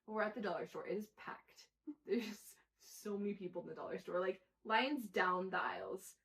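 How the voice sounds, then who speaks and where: A young woman co-hosting a podcast, telling lively stories about her kids and acting out their lines between laughs. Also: mid-range voice, normal speed. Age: young adult. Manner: animated storytelling, acts out kids' lines, laughs often. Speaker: podcast co-host. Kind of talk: casual chat.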